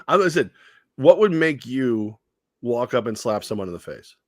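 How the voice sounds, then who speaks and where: A man co-hosting a sports radio show in casual chat, animated, laughing often and repeating himself as he builds a point. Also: mid-range voice, moderate pace, dry recording, studio quality.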